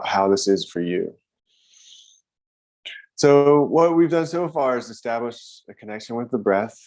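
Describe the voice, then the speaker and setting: A man leading a live guided breathwork session in a slow, gentle way, pausing often. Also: fairly low pitch, no room sound, low-quality recording. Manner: slow, gentle, with long pauses. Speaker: meditation guide. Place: room at home with a fan.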